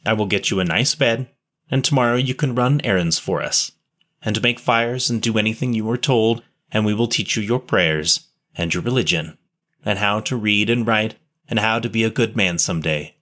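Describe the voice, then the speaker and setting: A man's voice: fairly low pitch, moderate pace, a bit bright. A man voicing a kindly nun who questions a street boy tenderly, reading a story aloud. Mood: tender, pleading. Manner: tender, pitying, coaxing. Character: kindly gentle nun, adult woman.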